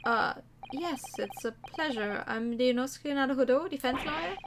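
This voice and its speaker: A woman's voice: high-pitched, moderate pace, background noise. Woman reading a polite young law student. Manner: hesitant, courteous.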